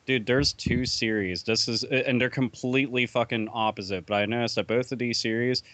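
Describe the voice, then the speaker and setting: A man's voice: mid-range voice, steady tone, moderate pace, fairly bright tone, no room sound. A man chatting casually on a podcast, rambling and profane, with lots of fillers and restarts. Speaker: podcast panelist. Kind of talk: casual chat.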